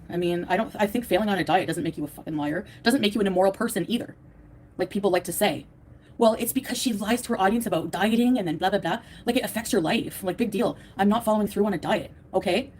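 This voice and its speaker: Fast-talking woman ranting at her chat. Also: medium pitch, slight background noise. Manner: defensive, profane, ranting at viewers. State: tired, in a bad mood. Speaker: livestreamer. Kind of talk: angry livestream rant to chat.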